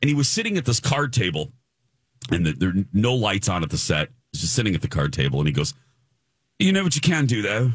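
A man's voice: low voice, fast talker, husky, no echo, clean studio sound. Chatty middle-aged male talk host. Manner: chatty, animated, laughs often. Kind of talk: casual on-air storytelling.

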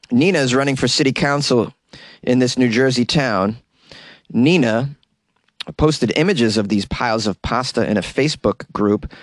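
A man's voice: medium pitch, dry recording. A man hosting a podcast, giving comic news commentary with wry, joking asides. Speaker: podcast host. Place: closet.

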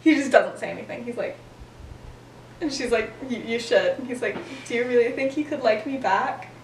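A woman's voice: a little high, moderate pace. A young woman hosting a podcast, chattily retelling a story and acting out the characters' lines with frequent laughter. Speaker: podcast host. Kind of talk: casual storytelling recap. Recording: roomy, distant mic with faint noise.

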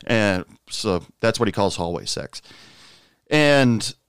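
Man, low voice, smooth and resonant, dry close sound, rambling casual storytelling. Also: expressive, takes it slowly, a bit bright, dry recording. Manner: rambling, many fillers and asides; jumps high when quoting others. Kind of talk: casual anecdote monologue.

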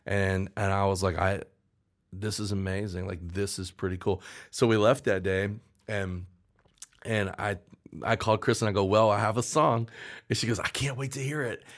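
Animated low-voiced songwriter telling stories. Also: male voice, moderate pace. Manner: animated, rambling, acts out quotes in raised voice. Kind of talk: storytelling in a podcast interview.

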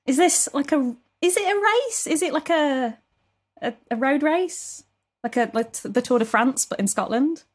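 A woman's voice: high voice, expressive, a little slow. A woman from the United States on a podcast panel, asking curious, probing questions. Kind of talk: casual podcast chat.

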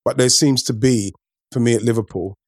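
A man's voice: mid-range voice, fairly quick, breathy edge, dry recording, clean studio sound. Casual man chatting football. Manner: loose, repeats words, says "bro". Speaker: podcast host.

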